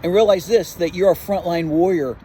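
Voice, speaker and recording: A man preaching a sermon as pastor, fervent and urgent, dropping low for warnings. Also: fairly quick, dark tone, a little hiss or hum.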